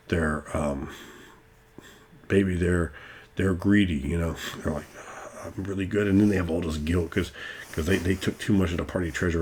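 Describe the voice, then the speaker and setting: A middle-aged man with a low, slightly breathy voice, a game master and video host, talks casually. He rambles, restarts often and swears freely.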